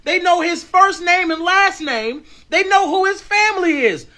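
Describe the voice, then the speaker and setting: A man ranting loudly and profanely in a comic commentary clip. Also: very high voice, unhurried. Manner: loud, profane, animated ranting. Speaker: online commentator in a reacted-to clip.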